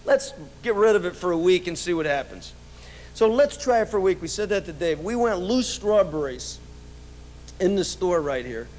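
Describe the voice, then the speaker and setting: A man's voice: sits high, animated, normal speed, darkish tone, a little hiss or hum. A middle-aged man giving a business speech, telling anecdotes with frequent laughs and many "you know"s. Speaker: business speaker. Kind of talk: keynote storytelling speech. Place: event stage before an audience.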